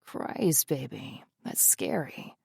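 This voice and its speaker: A woman voicing a tender, protective adult man, speaking in a hushed, half-whispered way. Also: a bass voice, big pitch swings, slow, creaky, husky, dry recording, clean studio sound, full character voice.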